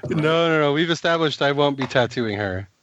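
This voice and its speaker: A man's voice: mid-range voice, expressive, brisk, fairly bright tone, no echo. A man with a stuffy, congested voice from a cold, chatting on a gaming podcast. He tells crude, joking stories in a dry, close sound. The audio is dull and lo-fi. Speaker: podcast co-host, tattoo artist. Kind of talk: casual podcast chat.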